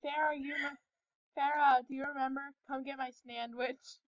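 A woman hosting a casual gaming video, giggly and excitable, often breaking into laughter. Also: high voice, moderate pace, no room sound, dull audio. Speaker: gaming channel host. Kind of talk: casual chat while gaming.

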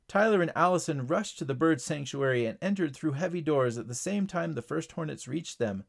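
A man narrating a short storybook reading in a steady, plain storytelling way. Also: a little high, fairly quick, creaky, hardly any pauses.

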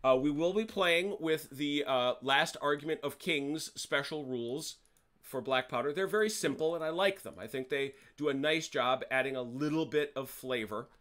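A man's voice: a little high, normal speed, fairly bright tone. A man hosting a tabletop wargame, walking his players through the rules in a chatty way, often correcting himself mid-sentence and dropping wry jokes. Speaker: wargame host explaining rules. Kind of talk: casual rules explanation to players.

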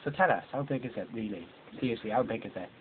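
A man's voice: lowish voice, animated, quick pace, natural voice. A man voicing a chirpy female TV interviewer who keeps prying. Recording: tinny lo-fi home recording with hiss.

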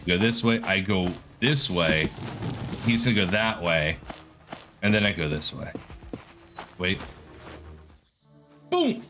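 A man commentating his own horror game play, jumpy and animated, talking to himself and repeating words. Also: low-pitched, unhurried, pauses often, music in the background. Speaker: gaming streamer.

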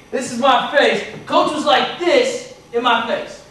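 This man's voice is very high-pitched, bright, and forceful, and he speaks unhurriedly. As a motivational speaker in a university hall, he tells students a story chattily, often asking "right?", captured from far off in an echoey hall.

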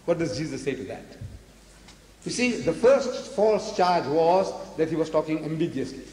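A South African man giving a public lecture, animated, throwing rhetorical questions at the audience. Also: on the high side, normal speed. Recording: echoey hall with faint noise, archive lecture.

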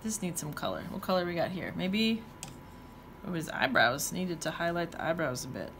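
Her voice is fairly low and fairly bright, with a sing-song lilt and a moderate pace, as she paints in a watercolor demonstration. She talks casually and thinks aloud with playful exclamations over a little hiss or hum.

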